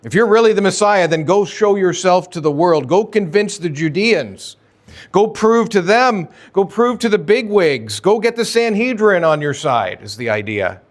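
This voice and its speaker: A preacher voicing a sibling's brothers as they taunt and goad him, pushy and mocking. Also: male voice, a little high, huge pitch swings, moderate pace, hardly any pauses.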